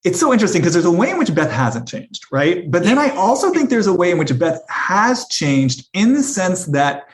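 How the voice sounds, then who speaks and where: A woman's voice: lowish voice, big pitch swings, moderate pace. Reflective podcast host woman. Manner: reflective and analytical, asks guests questions. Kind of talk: casual chat.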